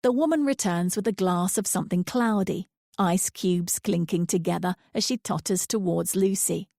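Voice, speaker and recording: A woman narrating a thriller audiobook in a measured, quiet storytelling manner. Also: on the low side, creaky, dry recording, studio quality.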